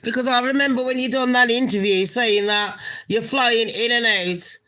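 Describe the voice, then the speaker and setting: A woman's voice: fairly high pitch, little pitch movement, moderate pace, a bit bright. A woman hosting a casual celebrity gossip livestream, blunt and chatty, swearing freely and talking straight to her viewers.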